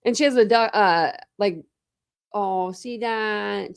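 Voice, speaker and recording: Woman, casual chatty host, rambling, gravelly voice, dry sound. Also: a little high, a little slow, darkish tone, no room sound. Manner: rambling, chatty, laughs often, coos at pets. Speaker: true crime channel host. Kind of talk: casual livestream chat.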